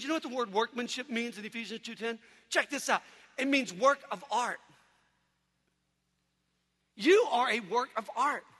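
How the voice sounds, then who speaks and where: A man giving an energetic sermon testimony to a crowd, animated and often shouting. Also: very high voice. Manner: animated, shouting, mimicking people. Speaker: preacher. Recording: long hall reverb.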